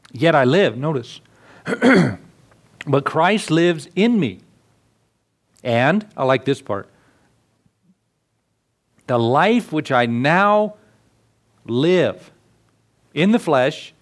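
Middle-aged male pastor, slightly high voice, earnest conversational sermon with rhetorical questions.

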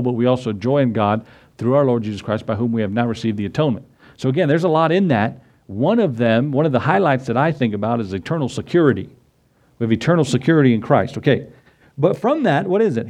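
A man preaching a sermon, emphatic, rising on key points and reading scripture slowly and deliberately. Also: medium pitch, a little mellow. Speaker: pastor.

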